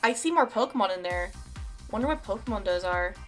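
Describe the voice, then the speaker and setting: A woman streamer giving chatty let's-play commentary as she plays, reacting out loud. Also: medium pitch, animated, brisk, soft background music. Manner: chatty, reacts out loud while reading the game's lines.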